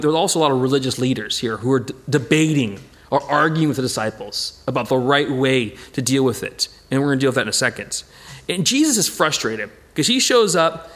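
A man leading an informal Bible study, talking it through conversationally with frequent restarts and emphatic bursts. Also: a little high. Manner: animated and emphatic. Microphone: presentation with slides.

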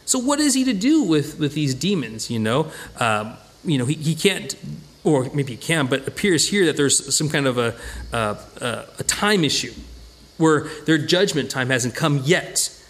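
A man leading an informal Bible study, talking conversationally with lively acted-out asides and frequent restarts. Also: fairly high pitch, normal speed. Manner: conversational, animated, acts out quoted voices, many restarts.

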